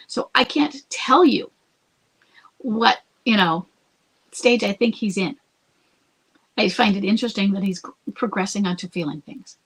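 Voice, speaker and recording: A woman's voice: medium pitch, unhurried, long pauses, a bit bright, slightly rough, poor audio. A woman hosting an advice podcast, answering a listener in a conversational, thinking-aloud way and sometimes dropping to a whisper. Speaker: podcast host and coach.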